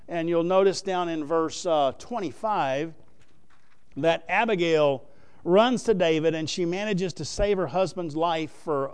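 Smooth-voiced male preacher, slightly high. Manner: conversational, asks the audience questions, chuckles. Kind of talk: sermon teaching from scripture.

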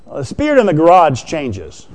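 A man's voice: on the high side, wildly swooping pitch, moderate pace, slight background noise. Conversational man preaching a sermon. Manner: conversational preaching, asks the congregation questions. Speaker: pastor.

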